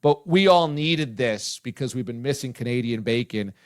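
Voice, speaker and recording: A man hosting a sports talk show, loud and enthusiastic, often shouting his praise. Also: medium pitch, animated, moderate pace. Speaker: sports radio host.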